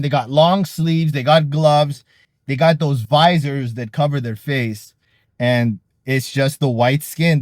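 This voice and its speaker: A man's voice: on the high side, a little mellow, no room sound, studio quality. A young adult man hosting a vlog in a blunt, rambling casual monologue that leans on "you know". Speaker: vlog host.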